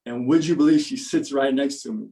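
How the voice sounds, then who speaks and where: Animated man telling a story casually. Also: mid-range voice, brisk, rough recording. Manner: animated, lots of "like" and "you know"; laughs often while telling the story. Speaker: podcast guest.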